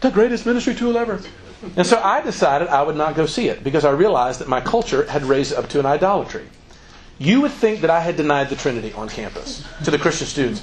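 A campus minister gives students an informal, joking talk, speaking fast in a voice on the high side. He's animated and acts out the voices of the people he quotes.

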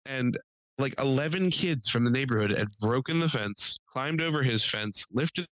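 A young man tells stories on a podcast, cursing freely and jumping up in pitch to act out the people he quotes. His voice is bright and forward, and the recording is dry and close. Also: normal speed, dry recording, low-quality recording. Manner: animated, profane, acts out quotes in raised voice. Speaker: podcast co-host. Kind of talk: casual storytelling.

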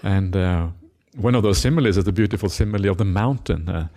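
A monk giving a Buddhist dharma talk, retelling a scripture story with many "uh" fillers and acted-out quotes. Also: male voice, low-pitched, quick pace, mellow.

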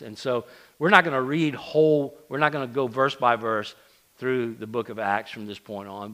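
A slightly bright, mid-range male voice. A middle-aged pastor preaches a casual, conversational sermon to his congregation in the church sanctuary, with self-deprecating asides and frequent restarts.

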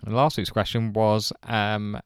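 A man's voice: on the low side, little pitch movement, slow pace, smooth, no echo. A man co-hosting a podcast, reading out listener answers with dry, understated humour. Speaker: podcast co-host.

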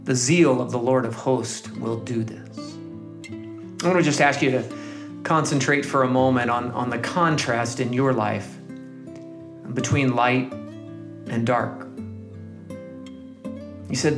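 Soft-spoken guy doing a devotional scripture reading, guitar playing behind. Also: medium pitch, slow, long pauses. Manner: soft, gentle, lingering on words. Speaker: devotional leader. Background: guitar music.

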